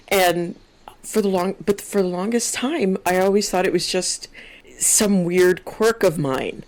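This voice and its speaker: A woman's voice: lowish voice, unhurried, a little mellow. A woman guest on a podcast, speaking candidly and reflectively, often voicing her own inner thoughts. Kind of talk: casual podcast conversation.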